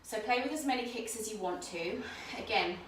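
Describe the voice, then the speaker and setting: A woman's voice: on the high side, fairly quick, a little hiss or hum. Breathless woman guiding yoga in an echoey room. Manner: calm, guiding cues while demonstrating. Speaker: yoga teacher. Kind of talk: instructional yoga class. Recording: very echoey room, mic at a distance.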